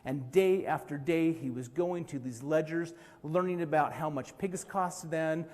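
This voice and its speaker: A man's voice: on the high side, a little slow, darkish tone. A middle-aged man from Utah giving an earnest, story-filled speech as president of an organization at a live conference. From Utah, USA. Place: large convention hall. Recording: long hall reverb.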